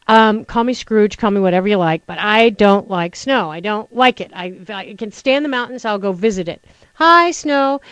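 A middle-aged woman hosting a talk radio show, ranting in an animated, sarcastic way. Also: medium pitch, no echo, poor audio. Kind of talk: opinionated talk radio rant.

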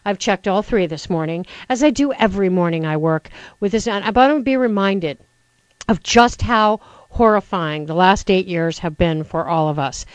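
Woman, middle-aged, radio talk host, animated sarcastic rant, dry studio mic. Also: medium pitch, moderate pace, no room sound, low-quality recording.

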